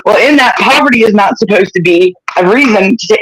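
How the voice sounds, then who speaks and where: A man's voice: high voice, brisk, few pauses, fairly bright tone, a little hiss or hum, poor audio. A man hosting a livestream, talking in a passionate, blunt rant and cussing freely. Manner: impassioned, blunt, cusses freely. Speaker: livestream host.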